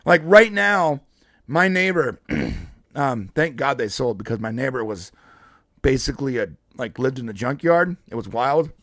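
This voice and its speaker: A man's voice: mid-range voice, a bit bright, no echo, clean studio sound. A man co-hosting a podcast, telling a long rambling neighborhood story in casual chat, with frequent restarts and laughs. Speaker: podcast co-host.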